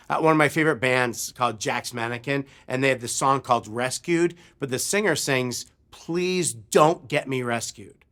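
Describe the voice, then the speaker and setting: A man preaching a sermon, telling a personal story with animated delivery and acted-out shouts. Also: medium pitch. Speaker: pastor.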